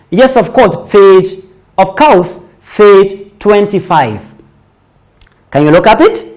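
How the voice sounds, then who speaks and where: Slow talking lady teacher doing a kids phonics lesson, lots of ups and downs in her voice. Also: medium pitch. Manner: slow, deliberate, praising pupils often.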